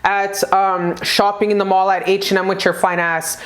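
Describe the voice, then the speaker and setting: A woman giving a casual pick-a-card tarot reading, gushing and profane, with bursts of high excitement. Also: moderate pace.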